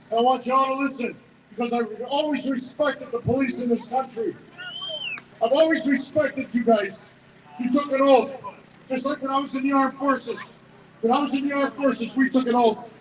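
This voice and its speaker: A man giving an emotional, stammering speech at an outdoor protest rally, heard through an echoey loudspeaker from a distance. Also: very high-pitched, a little hiss or hum. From Canada. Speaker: rally speaker, business owner. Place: outdoor city square rally.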